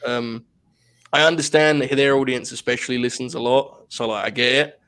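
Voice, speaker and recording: A man's voice: medium pitch, steady tone, moderate pace, fairly bright tone, clear, resonant tone. A man co-hosting a podcast in casual chat, laughing often, swearing and rambling through asides. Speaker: podcast co-host.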